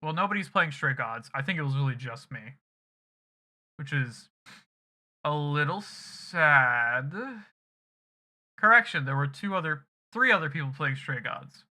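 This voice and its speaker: A male game streamer chats casually and swears freely as he finishes up, with music in the background. His voice sits on the high side, with lively intonation, a normal pace and a pushed, bright tone.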